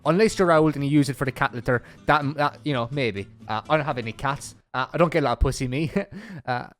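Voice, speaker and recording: Fast-talking young Irish guy. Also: mid-range voice, lively intonation, a bit bright. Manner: rambling, crude joking asides. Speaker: YouTuber. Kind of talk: casual reaction commentary.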